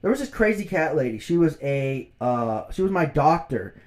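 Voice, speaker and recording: A man's voice: a little high, sing-song, normal speed, a little mellow. A man in his thirties telling a personal story as a vlogger, casual, slangy and exasperated.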